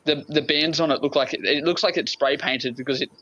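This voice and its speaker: A man's voice: fairly high pitch, brisk, sharp tone. Laid-back Australian man on dull audio. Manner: laid-back, enthusiastic, lots of fillers. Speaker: podcast guest. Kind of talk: casual storytelling.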